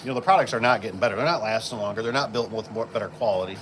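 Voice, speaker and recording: A man's voice: lowish voice, racing. A man who installs garage doors, chatting casually and rambling with lots of fillers while he works with tools on a job site. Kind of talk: casual work vlog chat. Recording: work-site background noise with vehicles.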